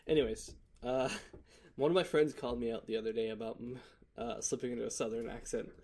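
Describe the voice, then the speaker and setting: A man's voice: mid-range voice, brisk, dark tone. A man co-hosting a podcast in casual, joking chat, loose and profane, laughing often. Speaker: podcast co-host. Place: lives in Florida.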